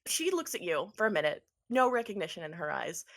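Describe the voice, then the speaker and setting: A woman's voice: lowish voice, very animated, brisk. A woman narrating a tabletop game as game master, casual, with fillers.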